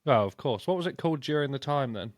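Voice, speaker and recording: A British podcast co-host who teases and throws in quick quips during casual chat. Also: mid-range voice, lively intonation, dry recording, studio quality. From Britain.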